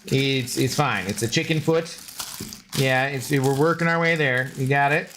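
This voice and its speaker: A man's voice: medium pitch, measured pace, fairly bright tone, a little hiss or hum. A man streaming live, chatting casually with viewers in a rambling way and slipping into sing-song baby talk with his dog.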